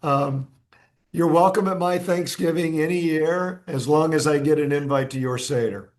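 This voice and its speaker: A man's voice: fairly high pitch, moderate pace. A man, a designer and entrepreneur, telling stories as a podcast guest, acting out dialogue with many restarts. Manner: animated storyteller, acts out dialogue, many restarts. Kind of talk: casual podcast interview.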